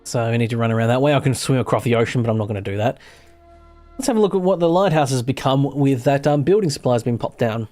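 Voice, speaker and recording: A man's voice: mid-range voice, expressive, quick pace, a little mellow, soft background music. An Australian man chatting casually while streaming a game live, rambling and correcting himself, with the odd swear. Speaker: gaming streamer. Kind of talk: casual live gameplay commentary.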